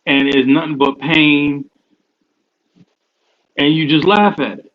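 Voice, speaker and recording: A man's voice: fairly high pitch, fairly even intonation, a little slow, long pauses, fairly bright tone. A man co-hosting a sports podcast, earnestly defending his team in casual banter. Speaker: podcast co-host. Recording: dull muffled audio.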